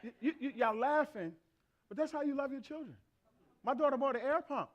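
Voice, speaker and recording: A man's voice: very high-pitched, brisk. A middle-aged man preaching a sermon as pastor, telling comic family stories and acting out the dialogue. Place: church sanctuary.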